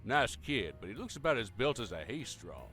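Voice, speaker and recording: A man's voice: mid-range voice, sing-song, normal speed, a bit bright, faint music behind. A man voicing a blustering old southern rooster who lectures in a put-on Southern drawl and keeps repeating "I say". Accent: American Southern (put on). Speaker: viewer's submitted impression clip.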